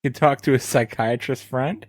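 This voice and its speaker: A man's voice: medium pitch, fairly even intonation, moderate pace, no echo. A man chiming in on a podcast with dry one-line quips in casual chat.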